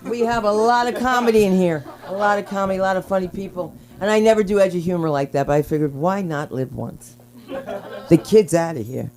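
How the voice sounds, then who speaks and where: A woman's voice: fairly low pitch, fairly quick, darkish tone. A woman hosting an open mic in a small comedy club, introducing acts and telling brassy, bawdy jokes between laughs. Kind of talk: stand-up emceeing.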